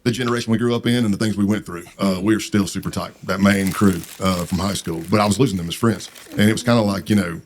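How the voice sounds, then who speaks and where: A man's voice: fairly low pitch, fast, hardly any pauses, a little hiss or hum. A man telling a long personal story in a casual, rambling way, with many fillers and restarts. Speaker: podcast guest.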